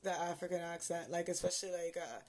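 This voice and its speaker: A woman from Haiti in casual podcast chat, playful and expressive, with lots of slang. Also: on the low side, fast, over a noisy crowd.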